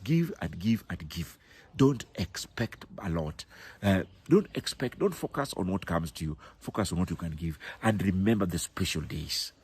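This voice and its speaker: A man's voice: low-pitched, animated, moderate pace, darkish tone, husky. A middle-aged man giving motivational marriage advice, emphatic and repeating his key words. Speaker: business and personal growth speaker.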